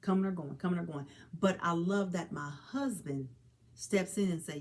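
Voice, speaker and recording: Woman in her forties, low-pitched, earnest and preachy direct address, warm "honey" asides. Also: normal speed. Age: 40s. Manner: earnest, preachy, calls listener honey and child. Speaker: mother speaking on suicide awareness. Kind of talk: heartfelt direct-to-camera talk.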